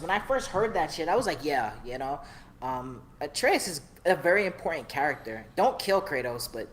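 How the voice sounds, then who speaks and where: Female podcast guest, low voice with lively swings, frank casual talker. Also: normal speed, slight background noise. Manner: animated, frank, swears casually. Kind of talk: casual gaming chat.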